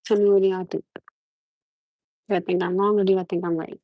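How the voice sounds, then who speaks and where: A young woman from Norwalk, USA, with a New York-tinged American accent, hosts a casual livestream, animatedly asking her viewers again and again what they think and restarting often. Her voice is on the low side and fairly quick. The recording is muffled, with no room sound.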